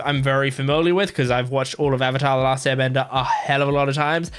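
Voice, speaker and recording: A man hosting a reaction video, chatting casually with a rambling, excitable manner and lots of fillers. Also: a little high, clean tone.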